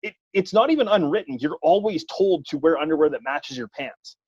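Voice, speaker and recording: Husky and a little high, this man's voice moves fairly quickly. He referees wrestling and is chatting casually on a podcast, animatedly recounting a humorous story that makes fun of himself. Expect dull, lo-fi, dry audio.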